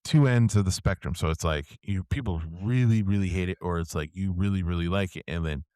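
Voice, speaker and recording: A man with a low, darkish voice speaks briskly while co-hosting a podcast, recorded cleanly without echo. The chat is casual, but he's hesitant, full of fillers and restarts, circling back on himself mid-thought.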